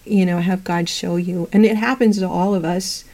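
Earnest woman preaching, warm dark tone. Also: lowish voice, normal speed, poor audio. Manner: earnest, conversational preaching with lively anecdotes. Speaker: Bible teacher. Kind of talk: sermon to a women's group. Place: meeting room.

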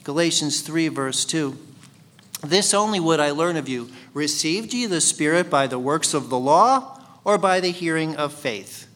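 A man's voice: fairly high pitch, lively intonation, measured pace, a bit bright. A man teaching a Bible study sermon in a conversational way, asking his listeners questions. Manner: conversational, asks the congregation questions.

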